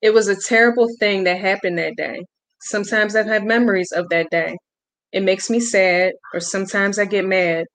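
A woman author reading her children's picture book aloud in a gentle storybook manner. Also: mid-range voice, steady tone, moderate pace, poor audio. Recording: loud background noise.

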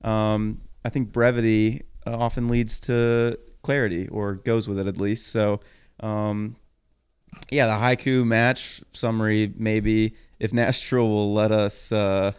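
Podcast co-host, male, smooth clear voice, dry close sound, quick to laugh and tease. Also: lowish voice, level tone, dry recording. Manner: joking, laughs often, teasing. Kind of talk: casual sports podcast chat.

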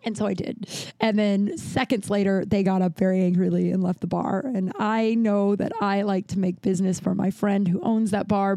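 A woman's voice: mid-range voice, warm tone, no echo. A woman in her thirties hosting a podcast, telling a long story in a rambling, frank, profane way, full of "like" and quoted asides. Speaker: podcast host. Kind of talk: casual storytelling.

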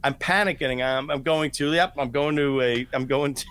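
A middle-aged man telling a story as a podcast guest in a rambling, animated way, with many restarts and fillers. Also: medium pitch, normal speed, smooth. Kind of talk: casual storytelling chat.

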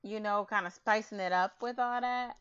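A podcast co-host with a smooth, medium-pitched voice at a moderate pace recaps a TV episode in a casual chat. An animated storyteller, she acts out the characters' lines using slang, and the lo-fi audio sounds slightly dull.

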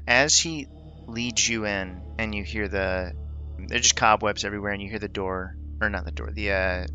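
A man narrating a tabletop role-playing game as game master, describing scenes vividly and pausing often with uh and um. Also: on the low side, sharp tone. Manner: descriptive, laughs easily, fills pauses with uh and um.

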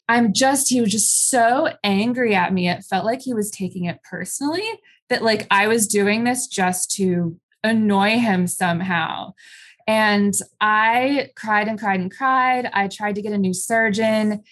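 Young adult woman, interview guest, candid and halting personal storytelling. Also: medium pitch, a bit bright. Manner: candid, halting, many fillers. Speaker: guest telling her story.

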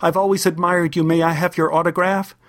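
A man's voice: sits high, level tone, brisk, pitched above the performer's own voice. A man puts on a polite, timid little boy of nine, using careful manners. His voice is lifted well above the narrator's own.

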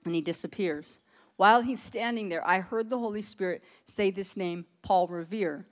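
An American woman with a mid-range voice shares a personal testimony with her congregation at a moderate pace. She tells it like a casual story, loose and conversational, dropping in "like" again and again.

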